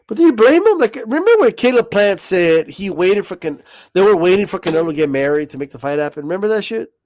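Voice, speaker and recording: A man's voice: high-pitched, no room sound. A man hosting a boxing livestream, rambling and swearing in a casual rant, always asking if you know what he means.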